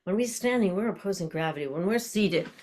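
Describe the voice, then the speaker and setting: A woman's voice: mid-range voice, expressive, a little fast, a little mellow. An older woman teaching an online voice class, explaining breath and posture and demonstrating with tongue-twisters and nonsense syllables.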